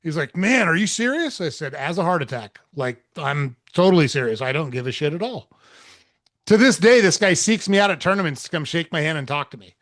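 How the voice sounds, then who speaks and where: A man's voice: a little high, brisk, fairly bright tone, no room sound, studio quality. A man hosting a podcast who tells a story in a laid-back, casual way, swearing now and then and acting out the dialogue.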